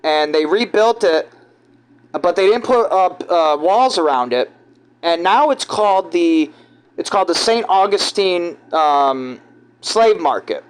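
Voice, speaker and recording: A man from giving rambling, halting, conspiratorial commentary over video clips. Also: high voice, expressive, clean tone, rough recording. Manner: halting, restarts often, conspiratorial. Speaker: vlogger.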